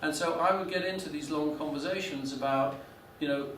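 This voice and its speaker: A man's voice: a little high, brisk, hardly any pauses, fairly bright tone, a little hiss or hum. A man lecturing a class, telling a business story with many restarts and fillers. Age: 40s. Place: lecture room. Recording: echoey room, mic from a distance.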